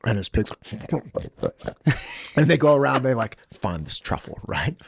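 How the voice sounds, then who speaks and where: A man hosting a podcast, casually retelling a film in an animated way and acting out the quotes. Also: medium pitch, vocal fry, breathy edge, no echo, clean studio sound. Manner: retells a film scene with quick acted quotes. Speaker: podcast host. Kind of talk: casual chat, animated storytelling. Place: studio.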